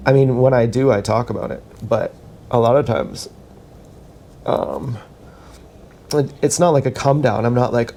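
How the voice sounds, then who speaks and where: Man, vlogger, gravelly fry, mellow tone, rambling self-mocking monologue, restarts. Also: mid-range voice, animated, unhurried, pauses often, slight background noise. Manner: meandering, self-mocking, thinks aloud with many restarts; talks while dancing.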